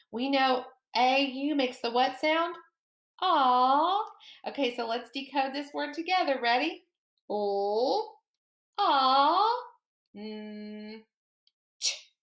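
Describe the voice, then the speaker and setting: A woman teaching a phonics lesson to young children, sounding out letters slowly and praising often. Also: high voice, echoey room.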